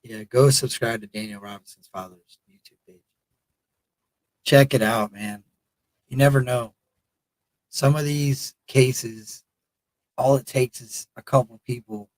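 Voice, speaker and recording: Tired, laid-back host. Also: male voice, medium pitch, fairly even intonation, unhurried, pauses often, a little mellow, no echo, low-quality recording. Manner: laid-back, rambling, thanking the chat. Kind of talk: casual live stream chat.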